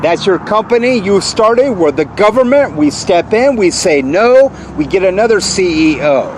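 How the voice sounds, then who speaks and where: 40s guy, high voice, angry repetitive rant outside, lots of car noise. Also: lively intonation, moderate pace. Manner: repetitive, accusing, escalating into shouted outbursts. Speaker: vlogger.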